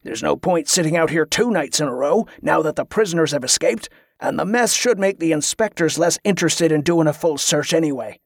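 A man's voice: on the high side, lively intonation, fairly quick, no echo, clean studio sound. A man playing a blunt, bullying male ringleader who growls orders with scorn. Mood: gruff commanding. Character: gruff bullying male schemer, a leader.

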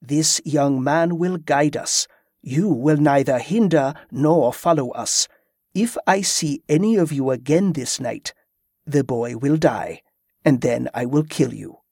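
Reader doing a slow icy killer guy, smooth and calm, dry sound. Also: a little high, no echo. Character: cold, menacing male swordsman assassin.

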